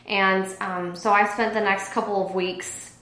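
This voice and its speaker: A woman's voice: mid-range voice, unhurried. A woman who used to teach, telling a personal story in a casual interview and acting out the voices of others. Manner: animated, acts out quoted dialogue. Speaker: former teacher, business owner. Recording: echoey room.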